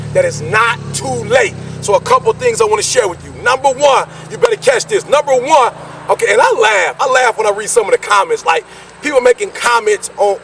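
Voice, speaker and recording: A man giving an energetic motivational speech, repeating his points and pushing the listener hard. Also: high voice, gravelly, distant mic, slight background noise. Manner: energetic, preachy, repetitive call-and-response. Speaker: motivational speaker.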